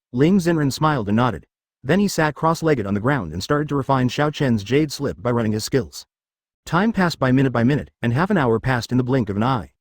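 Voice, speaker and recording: A man narrating a web novel in an even, matter-of-fact way. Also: medium pitch, a little fast, no room sound, clean studio sound. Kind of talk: web novel read-aloud.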